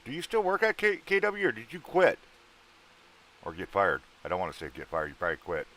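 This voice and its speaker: This livestream host talks loosely with his viewers, greeting them by name and joking around, his voice a bit worn out from an earlier show. He speaks fairly low, with wildly swooping pitch, at a brisk clip, and his tone is fairly bright, with no echo.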